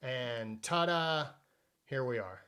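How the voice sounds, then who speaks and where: A man's voice: mid-range voice, takes it slowly, sharp tone, smooth. A man hosting a casual history podcast, joking and rambling as he introduces a guest. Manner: joking, rambling, self-mocking. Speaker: podcast host.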